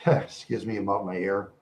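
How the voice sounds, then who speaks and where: A man's voice: lowish voice, darkish tone. Rambling man chatting on a livestream. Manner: rambling, repeats "yeah" and laughs often. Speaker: livestream host. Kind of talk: rambling livestream chat with viewers.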